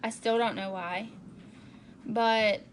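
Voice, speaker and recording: A woman's voice: on the high side, fairly even intonation, takes it slowly, slight background noise. A woman, a direct sales director, telling a candid and emotional personal story in a vlog, often repeating herself.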